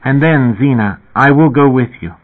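A man doing a calm, all-knowing boy. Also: mid-range voice, normal speed, pitched above the performer's own voice, lightly acted. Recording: tinny narrow-band radio sound.

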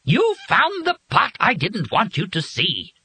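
A shrill, raging giant bird. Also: male voice, very animated, moderate pace, pushed and bright, full character voice. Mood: shrieking. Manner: ranting, scolding, shrill. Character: furious giant shrieking male bird creature.

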